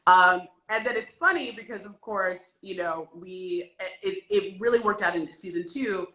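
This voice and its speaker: A woman's voice: mid-range voice, a little slow, a bit bright. A woman who created the show, interviewing an actress in a friendly, casual way. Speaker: series creator interviewing the cast.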